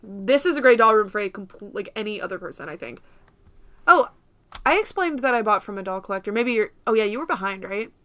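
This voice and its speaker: Young woman, from the US, bright voice, dry close sound, chatty, laughs a lot, livestream host. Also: medium pitch, expressive, a little fast, dry recording. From United States. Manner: chatty and rambling, laughs often, talks to viewers. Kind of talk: casual livestream chat.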